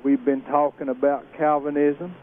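Man, radio caller, slightly high voice, tinny phone line, faint hiss. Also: moderate pace. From Tennessee. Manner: earnest, steady, long-time listener. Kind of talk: phone call-in.

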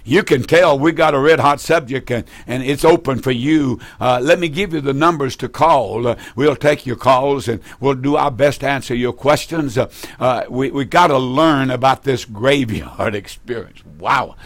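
A man's voice: medium pitch, moderate pace, no echo. Man, broadcast preacher, fervent and emphatic, dry close sound. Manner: fervent, emphatic, repeats phrases.

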